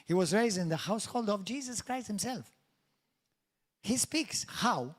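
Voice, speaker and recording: High-voiced preacher, emphatic. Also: male voice, expressive, measured pace. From Malta. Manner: emphatic, declamatory preaching with rising exclamations. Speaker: pastor. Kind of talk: sermon.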